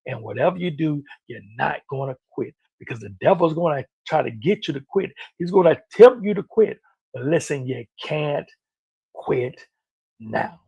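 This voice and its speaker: A man preaching motivation to camera, emphatic, repeating key phrases and rising to loud peaks. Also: fairly high pitch, lively intonation, normal speed, gravelly, slightly rough, no echo, lo-fi sound. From North Carolina. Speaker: motivational minister.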